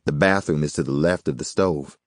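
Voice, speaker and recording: A man's voice: a bass voice, brisk, dry recording, studio quality. A man voicing a cocky hustler with a folksy, drawling in an audiobook. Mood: coaxing. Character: smooth-talking Southern man, a cocky small-time hustler. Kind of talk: audiobook character voice.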